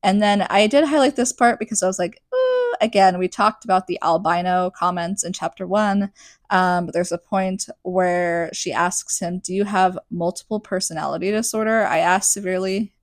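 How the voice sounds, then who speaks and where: A woman's voice: on the low side, fairly even intonation, moderate pace, no room sound. A young adult woman hosting a podcast, recapping a book in a chatty, sarcastic way full of "like". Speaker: podcast host.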